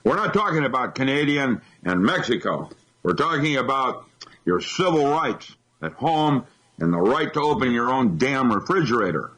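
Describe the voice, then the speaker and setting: A man's voice: medium pitch, big pitch swings, normal speed, fairly bright tone, breathy edge, low-quality recording. A man speaking as a radio show guest, alarmed and emphatic, restarting phrases as he hunts for words. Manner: alarmed, emphatic, repeats himself when searching for words. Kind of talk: talk radio interview.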